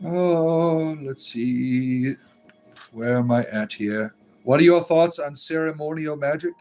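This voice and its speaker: Soft background music accompanies a man with a fairly high, slightly mellow voice who speaks slowly while hosting his pagan spirituality stream. He rambles through the comments, combative and casual, packing in fillers and asides.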